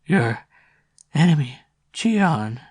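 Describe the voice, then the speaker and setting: A man doing Dark, a shrieking old woman. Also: animated, slow, no room sound, studio quality, heavily acted. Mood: croaking. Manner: shrill, shrieking cries. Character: half-blind trembling old woman, shrieking.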